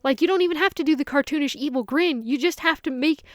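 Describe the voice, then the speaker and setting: A woman giving a casual, animated film review, ranting and acting out characters' lines as she goes. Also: sits high, fast talker, dry recording, studio quality. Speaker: movie reviewer.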